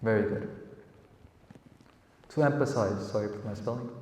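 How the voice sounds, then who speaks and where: A man's voice: fairly low pitch, normal speed, a little mellow. A young man, teaching a classroom vocabulary lesson and often checking in with "okay?". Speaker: seminar teacher. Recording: echoey room with long reverb.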